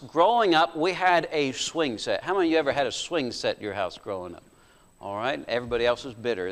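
A man preaching a sermon, telling stories, asking the congregation questions and reading scripture slowly. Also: a little high, a bit bright. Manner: storytelling, asks the congregation questions; slow deliberate scripture reading. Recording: long hall reverb.

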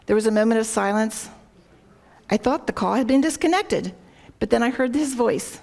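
With a fairly high pitch, lively intonation, and a creaky, slightly mellow sound at normal speed, a woman speaks earnestly to a women's group. It's a devotional talk of story and scripture, with frequent questions to the audience, recorded on a worn microphone.

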